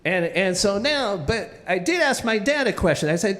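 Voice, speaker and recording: A man telling a personal story in a lively, comic way, acting out the moments with sound effects. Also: high-pitched, moderate pace, few pauses, big-room sound.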